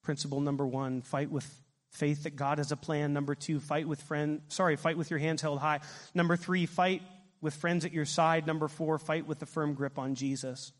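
Middle-aged male pastor, lively preacher who quizzes the congregation; high pitch, reverberant church hall. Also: moderate pace. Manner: animated preaching, asks the congregation questions. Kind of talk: sermon.

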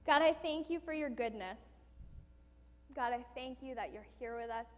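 Woman preacher, earnest, somewhat high voice, church hall reverb. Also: moderate pace. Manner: earnest, repetitive, addresses God directly. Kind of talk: sermon and closing prayer.

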